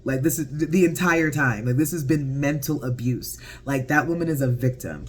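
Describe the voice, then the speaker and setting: A man giving a casual, profane episode recap, animated and laughing often. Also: mid-range voice, moderate pace, slight background noise. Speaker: TV show reviewer.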